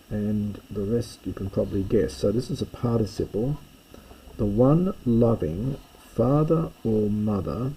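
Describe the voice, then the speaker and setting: Slow, gravelly-voiced man teaching. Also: lowish voice, mellow, poor audio. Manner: slow, explanatory, thinking aloud. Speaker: Greek teacher. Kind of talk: recorded lesson walkthrough.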